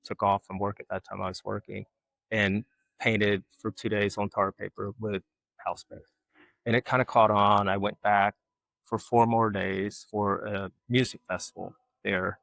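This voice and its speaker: A middle-aged man from Alabama, a guest artist telling folksy stories in casual conversation and getting lively when he quotes people. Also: lowish voice, a little slow, vocal fry, no echo. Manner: folksy, animated when quoting others. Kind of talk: casual storytelling.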